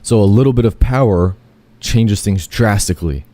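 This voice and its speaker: A man's voice: fairly low pitch, moderate pace, mellow, no echo. A man telling a long, rambling first-person story, full of fillers, self-corrections and casual swearing.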